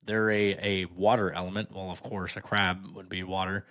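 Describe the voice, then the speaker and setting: Sarcastic low-voiced podcast host. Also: male voice, level tone, normal speed, a bit bright. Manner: mocking, riffing, asides. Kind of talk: casual sarcastic commentary.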